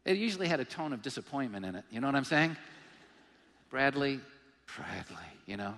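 A male pastor preaching a sermon, emphatic and animated, with self-deprecating humor. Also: medium pitch. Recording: long reverb of a large hall.

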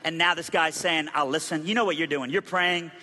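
Animated male preacher in a big hall. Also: fairly high pitch, brisk. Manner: animated, acts out quoted voices, rises to loud excited peaks. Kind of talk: sermon storytelling. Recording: long reverb of a large hall.

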